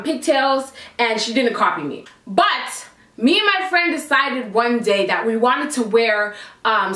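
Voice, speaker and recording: A young woman from the Toronto area, telling a slangy, animated storytime vlog. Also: on the high side, far from the mic. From Toronto area, Canada. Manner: chatty, slangy, animated retelling. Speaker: vlogger. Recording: echoey room, mic set back.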